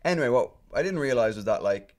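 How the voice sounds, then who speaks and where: A man's voice: medium pitch, animated, fast, a little mellow. A man on a casual podcast chat, telling a long story in a rambling, profane way full of fillers and restarts. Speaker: podcast guest telling stories.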